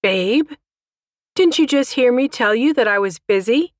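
A woman's voice: fairly high pitch, animated, measured pace, dry recording, clean studio sound, pitched above the performer's own voice. A woman playing a snappy mother dragon. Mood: indignant. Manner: squawking, snappy, easily flustered. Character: huge, short-tempered mother dragon.

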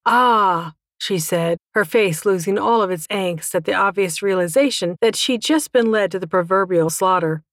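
A woman's voice: medium pitch, normal speed, few pauses, no room sound. A woman narrating a first-person story with a wry, dry humor. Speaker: audiobook narrator.

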